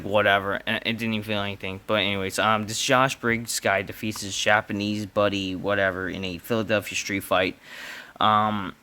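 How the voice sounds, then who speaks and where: A young man rants through a wrestling show review in a casual, exasperated way. His voice is bright and forceful, and he swears often and pads his sentences with fillers. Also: on the low side. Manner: profane, exasperated, heavy with fillers.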